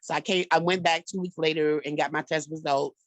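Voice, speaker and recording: A woman's voice: deep voice, steady tone, brisk, dry recording, rough recording. A woman guest telling a personal story in a conversational way, with lots of "like" and "you know".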